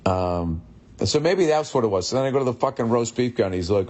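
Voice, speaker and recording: A man's voice: mid-range voice, expressive, fairly quick, darkish tone. A man telling an exasperated, profane comedic story on his podcast. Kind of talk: casual comedic rant.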